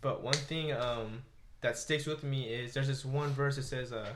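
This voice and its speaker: A man's voice: mid-range voice, steady tone, a little slow, fairly bright tone, a little hiss or hum. A young man co-hosting a podcast, laid-back and swearing freely as he laughs off bad luck. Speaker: podcast co-host. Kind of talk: casual chat.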